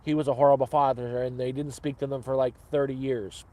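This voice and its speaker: A man's voice: medium pitch, level tone, a little fast, a little mellow. A man hosting a live cooking stream from his camp, rambling cheerfully to viewers and swearing freely.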